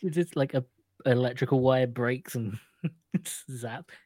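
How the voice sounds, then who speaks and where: A woman's voice: extremely low pitch, unhurried, warm tone. A woman co-hosting a podcast in casual chat, rambling and laughing often. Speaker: podcast co-host.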